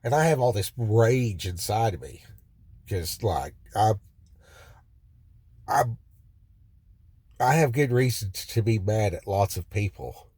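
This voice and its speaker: Intense, rambling man with a mellow voice. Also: on the low side, lively intonation, slow pace, long pauses, slightly rough, no room sound. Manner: raw, intense, swears freely, many fillers and restarts. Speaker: vlogger sharing a personal testimony. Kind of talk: rambling first-person storytelling. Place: in a car by the roadside.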